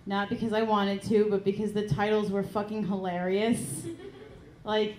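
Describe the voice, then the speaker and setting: A woman's voice: mid-range voice, level tone, normal speed, darkish tone. A woman doing stand-up comedy on a club stage, giggling often and hesitating with many ums. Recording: echoey club room with ambience.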